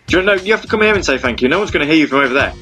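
A man's voice: fairly high pitch, animated, racing, pushed and bright, faint music behind. A man hosting a radio show from home, chatting casually and rambling with lots of fillers.

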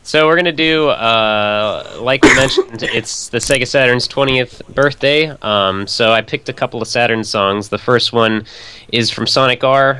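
A man appearing as a guest on a casual podcast, introducing music in a relaxed, slightly rambling way. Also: mid-range voice, a little slow, clean tone.

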